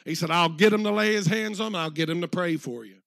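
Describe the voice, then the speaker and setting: Man preaching, high voice, dry close sound, storytelling sermon, slows and swells for emphasis. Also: a bit bright, no echo. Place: church.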